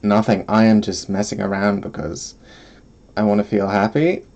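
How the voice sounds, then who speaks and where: A man's voice: on the low side, little pitch movement, moderate pace, a little mellow, muffled recording. A man streaming from home, chatting casually in a rambling, self-deprecating way and often breaking into giggles. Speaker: vtuber streamer. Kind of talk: casual solo stream chat.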